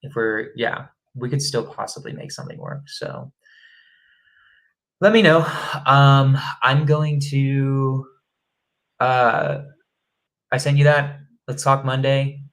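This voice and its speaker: A man's voice: mid-range voice, fairly even intonation, slow pace, vocal fry, pauses often, a bit bright, low-quality recording. A man coaching real estate wholesaling in a rambling, chatty way, often laughing at himself. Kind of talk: casual live-stream teaching.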